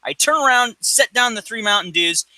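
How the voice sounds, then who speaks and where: Brief: rambling, profane man, high voice, dry close sound. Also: normal speed, no room sound, low-quality recording. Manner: rambling, profane, animated storyteller. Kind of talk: casual chat storytelling.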